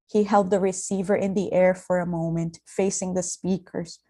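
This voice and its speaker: A woman reads a literary story aloud in a calm, measured voice. Her tone is dark and mellow rather than bright, and she lets each image settle. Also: lowish voice. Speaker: reader. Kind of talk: literary reading.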